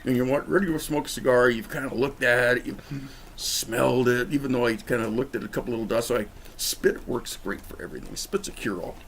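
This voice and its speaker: A man's voice: medium pitch, fairly quick, a bit bright, a little hiss or hum. A man casually talking through a cigar review outdoors in the cold, chatty and joking straight to the viewer. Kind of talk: casual rambling vlog review.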